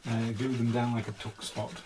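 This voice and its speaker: A man's voice: mid-range voice, little pitch movement, normal speed, a little mellow, a little hiss or hum. A man relaying viewer comments during a live craft show in a plain, matter-of-fact way. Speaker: co-host reading viewer comments.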